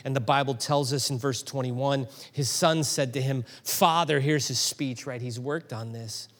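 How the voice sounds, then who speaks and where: A middle-aged man preaching a sermon, telling a story with animated emphasis that climbs to emphatic peaks. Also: medium pitch, moderate pace. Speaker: pastor.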